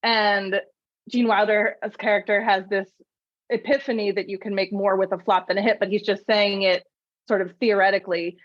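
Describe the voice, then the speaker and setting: Woman, podcast host, lively storyteller, dry close sound. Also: mid-range voice, normal speed, dry recording, dull audio. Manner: lively trivia storytelling with frequent laughs. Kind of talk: casual podcast chat.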